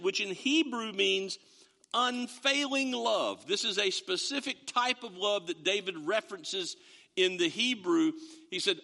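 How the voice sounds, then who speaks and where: A man's voice: sits high, normal speed, sharp tone, in a large hall. A man preaching a sermon, telling a story and stressing the quoted verses with rising emphasis.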